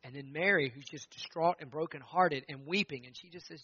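A man's voice: fairly high pitch, a little fast, pushed and bright, husky, dry recording, highs cut off. A man in his thirties preaching a sermon, talking conversationally and acting out the quotes he tells. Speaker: pastor.

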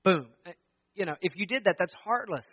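Male pastor, 30s, fairly high, bright voice, dull lo-fi sound. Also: animated, fairly quick, husky, no room sound. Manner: conversational preaching with acted-out quotes. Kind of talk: sermon.

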